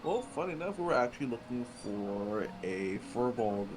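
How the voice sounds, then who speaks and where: Relaxed male tabletop player. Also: mid-range voice, normal speed, background noise. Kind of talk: casual tabletop play.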